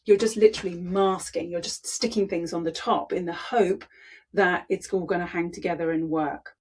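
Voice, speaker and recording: Brief: woman speaking coach, slightly husky voice, emphatic and demonstrative delivery. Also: fairly low pitch, steady tone, moderate pace, a little mellow. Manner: demonstrative, emphatic, repeats words for effect. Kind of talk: presenting a training talk.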